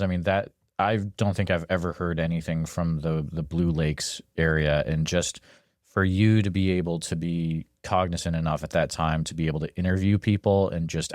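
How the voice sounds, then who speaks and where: A man's voice: low-pitched, no room sound, clean studio sound. A man hosting a podcast interview, enthusiastic and stumbling over his words as he reacts to the guest. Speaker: podcast host. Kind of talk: casual interview.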